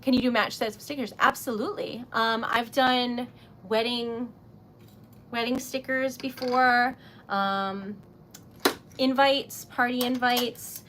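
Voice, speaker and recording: A woman's voice: on the high side, fairly even intonation, takes it slowly, fairly bright tone, slight background noise. A woman chatting on a livestream about her small craft business, giggling often and filling her talk with likes and ums. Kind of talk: casual livestream chat.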